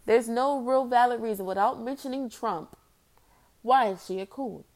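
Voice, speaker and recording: A woman's voice: on the high side, moderate pace, a little mellow. Blunt, exasperated woman ranting to camera. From United States. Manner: blunt and exasperated, with rhetorical questions. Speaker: vlogger. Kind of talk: opinion rant to camera.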